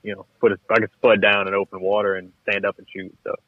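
A man's voice: lowish voice, level tone, quick pace, breathy edge, no echo. A man from Louisiana with a Cajun accent, talking in a laid-back, rambling way as a podcast guest. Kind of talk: casual chat. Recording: tinny phone-like line, dry.

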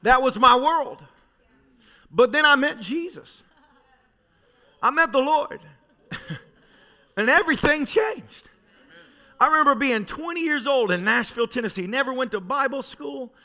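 High, bright-voiced fervent preacher man. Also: animated, measured pace, long pauses. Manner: fervent, storytelling preacher who swings from soft to shouting. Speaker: pastor. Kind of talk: sermon. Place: church sanctuary.

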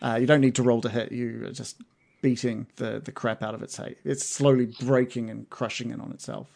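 Male game master, casual, unhurried narration, mid-pitched. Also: gravelly. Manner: relaxed, chatty, hesitant fillers.

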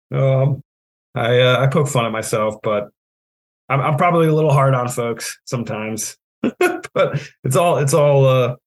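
Speaking in a creaky, medium-pitched voice over poor audio, a podcast guest from New England, a trail project manager in his thirties, spins relaxed stories, poking fun at himself and laughing frequently.

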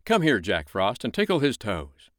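A man voicing a stern, gruff old king in a bedtime story, humming and hesitating. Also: lowish voice, huge pitch swings, normal speed, fairly bright tone, no room sound, studio quality.

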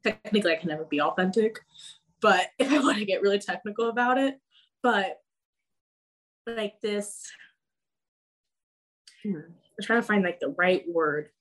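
Woman, dance teacher guest, casual and chatty, average pitch, fillers galore. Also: animated, moderate pace, pauses often, fairly bright tone. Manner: chatty, many "like" fillers, laughs often. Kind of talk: casual podcast chat.

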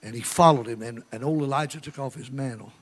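A man preaching a storytelling sermon, acting out characters' voices and swinging from hushed asides to shouts. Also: mid-range voice, fast.

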